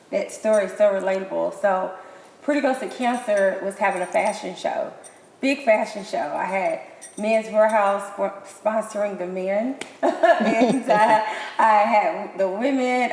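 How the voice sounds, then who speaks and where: A woman, a guest on a talk show, telling her own story in an animated way, repeating herself and laughing between words. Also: medium pitch, vocal fry. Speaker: guest, cancer survivor. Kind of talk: emotional personal storytelling. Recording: echoey room with long reverb, faint noise.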